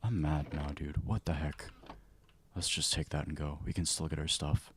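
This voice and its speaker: A man streaming a survival game as ASMR, whispering and speaking softly into a close mic, now and then flaring up in frustration, with keyboard and mouse clicks behind him. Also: rumbling low, fairly even intonation, moderate pace, slight background noise. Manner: mostly whispered and soft, flaring into loud frustration. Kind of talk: ASMR gameplay livestream commentary.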